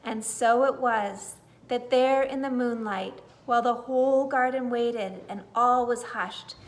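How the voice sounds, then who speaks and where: A woman reading a bedtime story aloud in a gentle, expressive way. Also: a little high, measured pace. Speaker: storybook reader.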